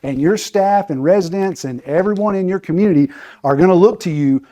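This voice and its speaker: Guy running a training session, kinda high voice, loose and chatty, says right? a lot. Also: fairly quick, mellow, dull audio. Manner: conversational, keeps checking in with "right?". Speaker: training presenter. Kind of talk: casual training talk.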